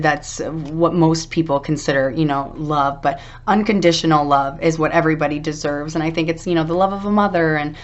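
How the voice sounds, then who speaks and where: Woman, tarot reader, deep voice, rambling, encouraging, muffled lo-fi sound. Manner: rambling, encouraging, self-deprecating. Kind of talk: casual tarot reading to camera. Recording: dull lo-fi recording.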